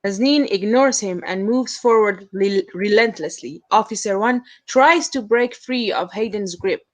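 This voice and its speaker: A woman reads the stage directions aloud in a plain, even narration. Her voice is mid-pitched and steady. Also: a little slow, rough recording. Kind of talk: scripted narration.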